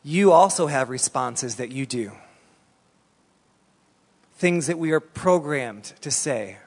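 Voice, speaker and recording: Middle-aged pastor in a ringing hall. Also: male voice, mid-range voice, takes it slowly. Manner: storytelling, animated, conversational. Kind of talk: sermon. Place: church hall. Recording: long reverb in a church hall.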